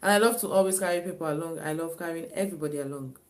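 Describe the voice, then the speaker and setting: A woman's voice: low-pitched, racing. A woman chatting casually on her own live stream, repeating herself and often laughing and sighing. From Africa.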